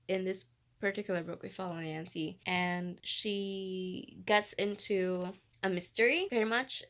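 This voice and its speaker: A young woman from the Philippines talks through her reading week in a loose, rambling vlog style. Her voice carries a gravelly, fry-tinged edge. She sits at a middle pitch for a woman. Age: 20s. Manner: rambling, self-correcting, chatty. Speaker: book vlogger. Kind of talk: casual reading vlog chat.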